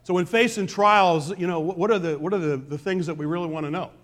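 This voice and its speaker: A pastor preaching a conversational sermon, swinging between loud emphasis and quiet asides. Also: male voice, sits high, fast talker. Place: church sanctuary.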